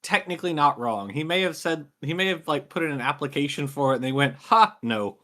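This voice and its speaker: A man's voice: a little high, fast, sharp tone. A man with a Southern US accent, joking wryly as a guest on a casual stream. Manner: wry, joking banter. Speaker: guest co-host. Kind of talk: casual live-stream chat.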